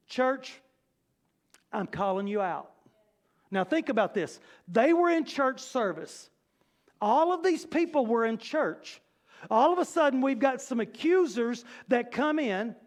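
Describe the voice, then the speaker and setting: High-voiced animated preacher. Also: male voice. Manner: animated, conversational preaching with playful asides. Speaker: pastor. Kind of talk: sermon. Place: church sanctuary.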